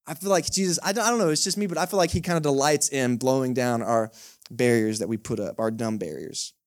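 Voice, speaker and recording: A man's voice: medium pitch, fast. A male pastor, preaching a sermon in a conversational, joking way and often checking in with the congregation. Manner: conversational, joking, keeps asking the congregation "right?". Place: church service held in a cinema.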